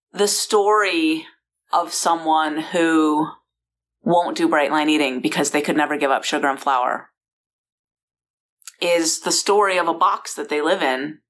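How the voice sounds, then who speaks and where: A woman's voice: sits low, a bit bright. A woman from San Francisco telling a personal story in a chatty way, with restarts and asides to the listener, recorded in a bedroom. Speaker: founder and host.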